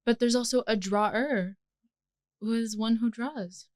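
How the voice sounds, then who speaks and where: A woman's voice: a little high, fairly even intonation, measured pace, darkish tone, dry recording, clean studio sound. A young woman co-hosting a podcast in playful, teasing casual chat, giggling often. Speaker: podcast co-host.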